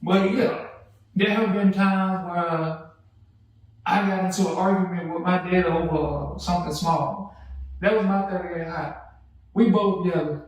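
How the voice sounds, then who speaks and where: A man co-hosting a podcast, talking in a laid-back, relaxed way with plenty of "you know" fillers. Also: high voice, unhurried. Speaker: podcast co-host. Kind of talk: casual podcast chat. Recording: echoey room, mic at a distance.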